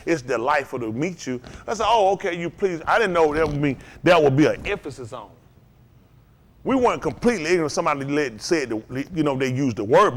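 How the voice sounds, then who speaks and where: A man preaching a sermon, animated and working with call and response, climbing to loud, high peaks.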